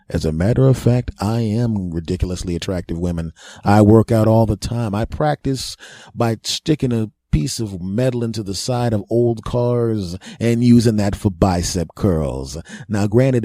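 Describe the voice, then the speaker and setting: A man's voice: lowish voice, dark tone, dry recording, clean studio sound. Self-mocking man telling a comic story. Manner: self-mocking, laughs at his own jokes, acts out other voices. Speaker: comedian telling a personal story. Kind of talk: comedic storytelling monologue.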